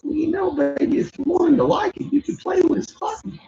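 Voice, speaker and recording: A man putting on the voice of a crude, pushy middle-aged mother in a screechy falsetto, coaxing and drawn out. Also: fairly quick, gravelly, warm tone. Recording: muffled lo-fi audio.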